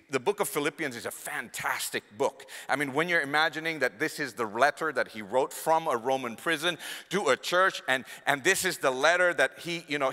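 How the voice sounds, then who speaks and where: A man preaching a sermon in a large church, animated, swinging between loud and hushed, and repeating words when he speeds up. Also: a little high. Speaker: guest preacher. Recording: long church hall reverb.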